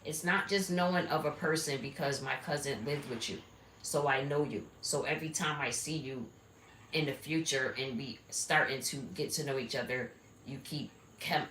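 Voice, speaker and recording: A woman live streaming, telling a rambling personal story in a blunt, repetitive, conversational way. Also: extremely low pitch. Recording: echoey room with steady background noise.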